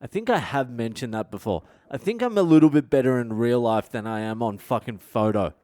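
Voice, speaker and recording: A man's voice: mid-range voice, animated, fairly quick, a little mellow, dry recording. A middle-aged male comedian telling a story in a blunt, profane, self-mocking way as a podcast host. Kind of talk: comic storytelling monologue. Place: expat in a city abroad.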